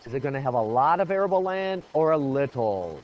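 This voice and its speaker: A man's voice: mid-range voice, very animated, fairly quick, highs cut off. A man teaching a geography lesson in a classroom, quizzing the students with call-and-response questions. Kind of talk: classroom lecture.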